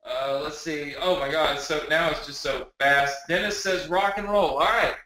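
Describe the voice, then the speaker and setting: High, bright-voiced man pitching a webinar. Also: moderate pace, reverberant, rough recording. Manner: energetic, repetitive, rallying the audience with questions. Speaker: webinar presenter selling a product. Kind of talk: live sales webinar pitch. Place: home office.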